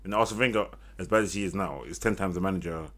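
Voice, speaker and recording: Fast low-voiced ranting man. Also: a bit bright. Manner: heated, ranting, repeats himself. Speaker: podcast co-host. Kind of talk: casual football chat.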